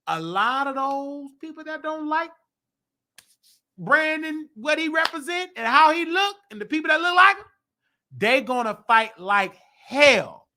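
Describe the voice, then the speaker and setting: A man's voice: high-pitched, sharp tone. A man hosting a casual commentary monologue, talking emphatically with rhetorical questions. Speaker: host.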